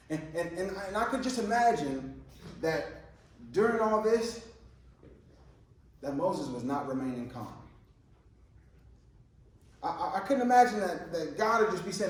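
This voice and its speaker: High-voiced pastor in an echoey hall. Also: male voice, expressive, unhurried, pauses often, slight background noise. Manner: conversational, slangy, repeats words. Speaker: junior pastor. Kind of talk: sermon. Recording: echoey room from far off.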